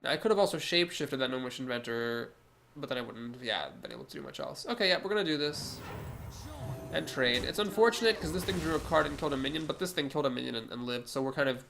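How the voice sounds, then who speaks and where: A man's voice: medium pitch, gravelly, sharp tone. A man with a cold, sounding nasal, talking through his card game moves aloud as a streamer. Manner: analytical, talks through each move aloud. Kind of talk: casual gameplay commentary.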